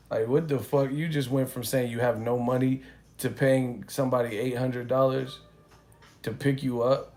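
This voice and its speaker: A man hosts a casual live boxing chat from a hotel room. His voice sits at an ordinary mid pitch, and he tells his stories in a loose, rambling way full of swearing. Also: fairly even intonation, moderate pace, darkish tone. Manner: profane, rambling storyteller. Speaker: boxing talk stream host.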